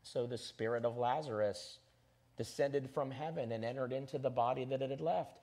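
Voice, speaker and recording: A pastor preaching an animated sermon and leading his congregation in call-and-response. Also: medium pitch, normal speed.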